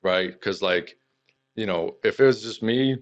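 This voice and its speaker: A man who is a guest on a podcast, talking casually and relaxed, with lots of "like" and "you know". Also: lowish voice, a little slow. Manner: relaxed, filler-heavy talk with "like" and "you know".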